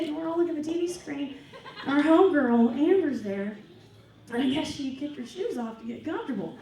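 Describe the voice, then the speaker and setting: On a club stage, a woman with a high voice delivers a brash, profane stand-up set full of animated storytelling. The recording picks her up from a distance in an echoey club, with slight background noise and the audience laughing.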